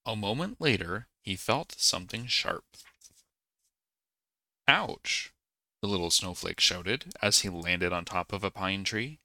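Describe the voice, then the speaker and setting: A man reading a bedtime story aloud, calm and gently expressive. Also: low-pitched, normal speed, few pauses, no room sound.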